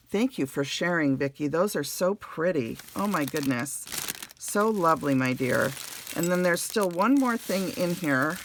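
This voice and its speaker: Gushing low-voiced woman, gravelly tone. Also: a little hiss or hum. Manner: gushing, warm thank-yous, many fillers. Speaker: crafting channel host. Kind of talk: casual unboxing chat.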